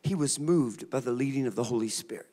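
A man, a pastor preaching a sermon, moving from relaxed storytelling to shouted declarations. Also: medium pitch, fairly quick. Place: church sanctuary.

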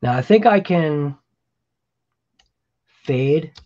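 Man, high voice, rambling casual editing talk, slightly muffled home recording. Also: lively intonation, drawn-out words, mellow, slight background noise. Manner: rambling, chatty, self-deprecating asides. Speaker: RC hobby channel host. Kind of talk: casual voice-over while editing video.

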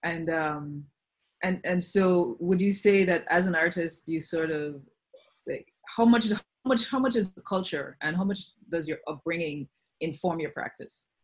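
Soft-spoken, breathy interviewer. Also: medium pitch, moderate pace. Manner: hesitant questions with fillers. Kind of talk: casual interview.

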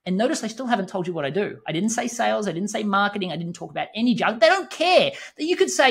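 A man, a podcast guest and business coach, explains his approach in a lively interview, acting out quoted conversations with emphatic, punchy delivery. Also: sits high, fast, gravelly, husky. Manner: lively, acts out quoted dialogue in different tones.

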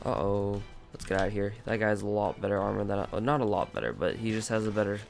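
A man's voice: lowish voice, fast, gravelly, soft background music. A man casually commentating his own gameplay, rambling and chatty, with a groggy just-woken morning voice. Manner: rambling, chatty, frequent fillers. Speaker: gaming channel host.

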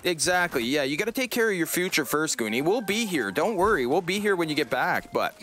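A man's voice: on the high side, sing-song, a little fast, fairly bright tone. A man streaming a game live, chatting casually with his viewers, joking and swearing now and then. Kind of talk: casual live-stream chat while gaming.

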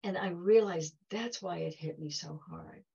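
A woman's voice: on the low side, measured pace, creaky, dark tone, slightly rough, muffled recording. A woman giving a heartfelt talk to an audience, telling stories and acting out quoted dialogue. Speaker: guest speaker.

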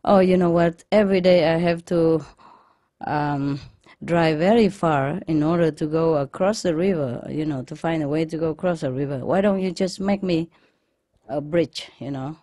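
A woman's voice: low voice, normal speed, warm tone, no room sound, clean studio sound, close to an everyday voice. A woman voicing an ordinary man who thinks over his one wish, in a joke she tells. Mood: musing.

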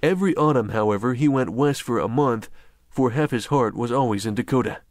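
Male audiobook narrator, measured and even, mid-pitched, very dry close-mic read. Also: no echo. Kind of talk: scripted narration.

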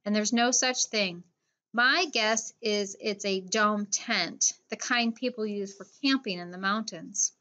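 A woman's voice: mid-range voice, measured pace, sharp tone. Woman reading as a curt bossy boy. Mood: firm. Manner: curt, commanding. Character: determined bossy boy leading a friend.

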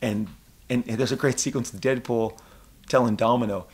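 Middle-aged man, comic creator being interviewed, animated and excitable, slips into goofy voices for quotes. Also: medium pitch, a little fast. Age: 40s. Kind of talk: animated casual interview talk. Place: convention interview room.

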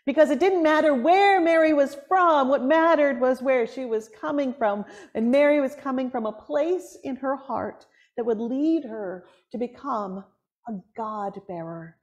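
A woman's voice: high voice, measured pace. A woman from Buffalo, New York, with a Buffalo accent and a somewhat hard, nasal voice, giving a sermon and laughing often as she tells stories. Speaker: preacher.

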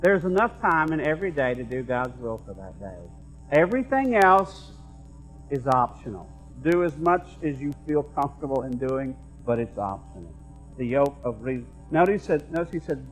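A middle-aged man preaching a sermon as pastor, moving between quiet conversational asides and loud, emphatic repeated lines. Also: mid-range voice, very animated, moderate pace, slightly rough, faint music behind, rough recording. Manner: conversational preaching that swings from hushed asides to raised emphatic repetition.

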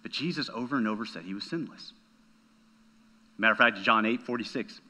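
A man's voice: on the low side, a little fast, pauses often, bright, forceful tone. A man preaching a sermon as a pastor, emphatic, often checking in with "right?" and repeating words as he goes.

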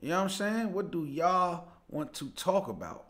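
His voice here sits high and sing-song, a bit bright, at normal speed. Hosting his casual live show, the young man reads viewer comments, says hello to people by name and laughs readily in relaxed chat.

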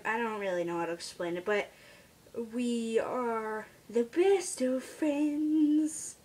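A teenage girl chatting casually on her vlog about her pet at home, rambling and trailing off into quiet asides. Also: a little high. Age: teens. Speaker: vlogger.

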